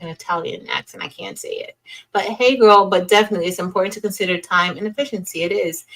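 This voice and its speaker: A woman's voice: medium pitch, a bit bright, poor audio. Young woman doing a casual craft live, rambly, chatty, restarts her sentences a lot. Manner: chatty, greets viewers by name. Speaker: craft livestream host. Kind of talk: casual livestream chat.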